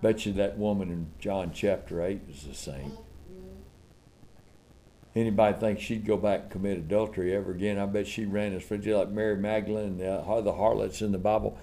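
Middle-aged male preacher, fiery sermon, lower register, big dynamic drops. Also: steady tone, fairly quick, a little hiss or hum. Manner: impassioned, swings from loud to hushed, rhetorical questions.

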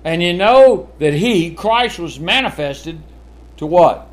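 An older man preaching a sermon, animated and full of rhetorical questions, with chuckling asides. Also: high voice, takes it slowly.

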